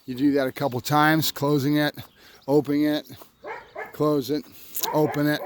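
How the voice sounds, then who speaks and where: A man's voice: a little high, flat delivery, moderate pace, clean tone. A man who trains dogs, talking casually while he walks his puppy through a morning routine and gives it short firm commands. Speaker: dog trainer. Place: home and yard, moving between in and out of doors.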